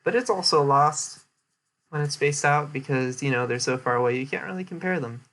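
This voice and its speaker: A man's voice: fairly high pitch, brisk, a bit bright. A young man casually explaining a presentation he gave, rambling with lots of fillers and restarts. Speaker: streamer giving a presentation recap. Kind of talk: casual chat.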